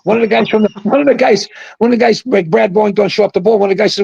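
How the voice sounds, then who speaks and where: Older guy on a video call, gravelly and husky, rambling story, yells the punchlines. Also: high voice, very fast, no room sound, highs cut off. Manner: rambling, animated storyteller who shouts out quoted lines. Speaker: guest, former pro bowler. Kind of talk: casual storytelling on a livestream. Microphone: video call mic.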